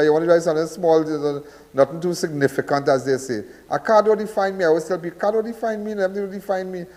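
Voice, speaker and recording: A man's voice: fairly high pitch, darkish tone, big-room sound. Rambling Trinidadian man hosting call-in show. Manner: rambling, repetitive, preachy. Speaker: call-in crime show host. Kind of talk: live call-in radio talk.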